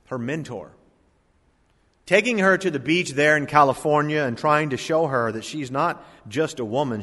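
A man's voice: mid-range voice, a bit bright. Man preaching in a reverberant church. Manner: preaching with swelling emphasis and dramatic pauses. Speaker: pastor. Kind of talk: sermon. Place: church sanctuary. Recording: long hall reverb.

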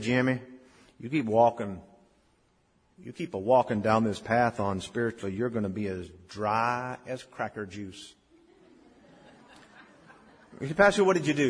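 Husky-voiced preacher in a reverberant church. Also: male voice, mid-range voice. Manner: storytelling preacher, swings from loud emphasis to hushed. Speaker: pastor. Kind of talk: sermon. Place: church sanctuary. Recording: long reverb of a church hall.

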